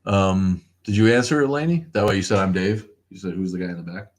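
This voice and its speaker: A man's voice: sits low, fairly quick. A man hosting a casual livestream chat, sarcastic and profane, who laughs often. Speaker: podcast host.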